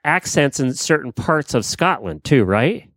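A podcast host in casual chat, teasing the guest in a lively way. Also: medium pitch, unhurried, no room sound.

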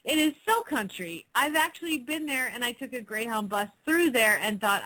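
A woman's voice: fairly high pitch, lively intonation, brisk, hardly any pauses, pushed and bright, poor audio. A woman co-hosting a casual chat show, laughing often as she talks. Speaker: co-host.

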